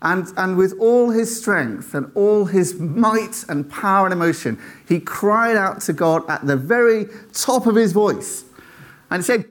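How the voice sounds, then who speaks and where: A man tells a faith story to an audience, animated and acting out the voices of the people in it. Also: high-pitched, unhurried. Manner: animated, acts out quoted voices, checks in with "right?".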